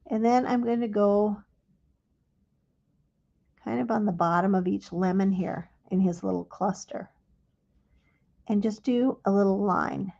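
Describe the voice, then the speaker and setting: A woman with a gravelly, warm, mellow voice walks viewers through a live craft demonstration. She explains each small step gently and without hurry. The sound is dull and lo-fi, like a livestream. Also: medium pitch, measured pace, pauses often. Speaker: craft instructor.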